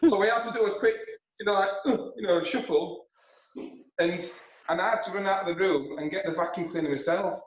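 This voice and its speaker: A man co-hosting a casual chat, telling a story with lively energy and casual swearing. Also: high voice, fairly quick. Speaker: co-host. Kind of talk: casual pub-style chat. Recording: echoey, dull lo-fi audio.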